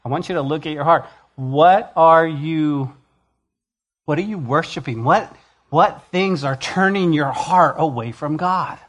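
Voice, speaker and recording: A man preaching a sermon to a church, swinging between loud emphatic lines and quiet, intimate ones. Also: fairly high pitch, measured pace. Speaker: pastor.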